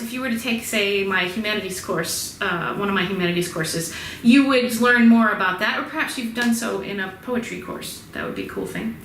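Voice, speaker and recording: A woman's voice: medium pitch, fairly bright tone, slight background noise. A woman teaching music history in a chatty lecture, chanting rhythms aloud to demonstrate. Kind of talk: recorded lecture. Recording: echoey room with faint ambience.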